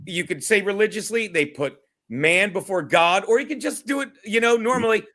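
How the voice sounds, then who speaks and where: High, bright-voiced rambling man. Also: normal speed. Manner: rambling, tangents, mock voices. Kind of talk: casual chat.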